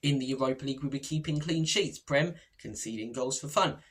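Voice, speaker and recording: A young man talks through his club's season in a casual, chatty monologue. He is wry and opinionated, with frequent mocking asides, and his voice sits at an ordinary middle pitch. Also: brisk, breathy edge. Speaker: football fan channel host.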